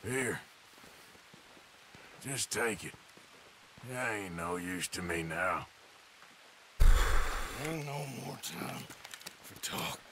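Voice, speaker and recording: A man's voice: deep voice, expressive, extremely slow, pauses often, noisy background, full character voice. An actor playing a weary, dying outlaw who grimly tells his companion to go while he holds off the enemy. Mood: grim resolve. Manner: grim, resigned, terse. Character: weary dying outlaw man holding off enemies. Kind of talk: video game voice acting.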